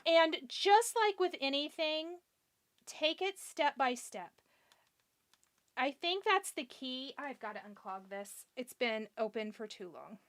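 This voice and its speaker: A woman's voice: sits high, expressive, slow pace. A woman hosting a live craft tutorial, chatting about her steps, teasing herself over small slips and answering viewer comments. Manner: chatty and self-deprecating, talking to herself as she works. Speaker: crafting livestream host.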